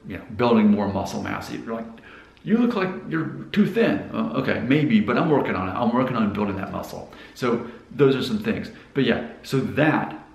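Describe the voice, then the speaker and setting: A man's voice: on the low side, brisk, creaky. An American man in his forties, a vlogger talking casually to camera and putting questions straight to his viewers. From United States. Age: 40s. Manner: questioning viewers directly, gesturing as he talks. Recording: roomy echo.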